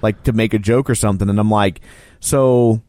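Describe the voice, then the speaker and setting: A man's voice: fairly low pitch, steady tone, moderate pace, a little mellow, dry recording. Easygoing male podcast co-host, dry sound. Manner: easygoing, storytelling, laughs often. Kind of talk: casual chat.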